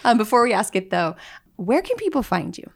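A woman's voice: mid-range voice, sing-song, brisk, gravelly. A woman hosting a casual podcast interview, affirming and upbeat. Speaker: podcast host.

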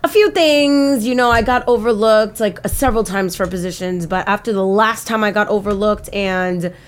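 A woman's voice: mid-range voice, normal speed. Woman radio DJ in her thirties, frank and casual, on a studio mic. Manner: frank, laughing, uses fillers. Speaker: radio DJ guest. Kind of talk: casual chat.

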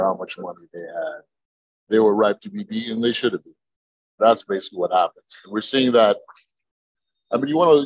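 A man from Egypt, a podcast guest, telling stories in a lively way, laughing and swearing freely. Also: on the low side, no room sound, lo-fi sound. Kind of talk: casual podcast chat.

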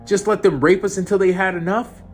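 A foul-mouthed young woman captive, raging at her fellow prisoner in a high, loud voice, as a male narrator puts her on. She sounds sharp and bitter, pushing each line hard. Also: fairly even intonation, brisk, faint music behind, natural voice. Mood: furious. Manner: shouting, profane, raised falsetto-ish voice.

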